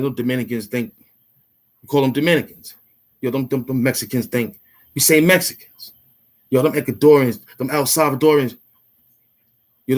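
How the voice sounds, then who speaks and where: A man delivers a direct-to-camera rant as a YouTube host. His voice sits at an ordinary middle pitch, and his talk is impassioned and lecturing, full of street slang. He is recording from a warm indoor room.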